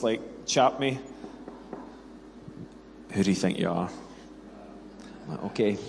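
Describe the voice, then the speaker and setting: A man's voice: a little high, a bit bright, long reverb tail. A British man preaching a sermon with prayer and personal stories, earnest and self-deprecating, acting out bits of dialogue. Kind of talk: sermon with scripture reading, prayer and personal story.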